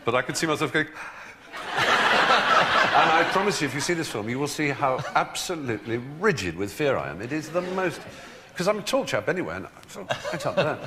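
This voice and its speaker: Wry man telling lively anecdotes. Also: on the high side, fairly quick, very noisy. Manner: wry, theatrical storytelling, frequent laughter. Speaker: talk show guest. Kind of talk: anecdotal chat.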